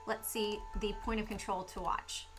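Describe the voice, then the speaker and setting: A woman hosting a stock market livestream, talking through charts in a casual, animated way with lots of rhetorical questions. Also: mid-range voice, moderate pace, soft background music.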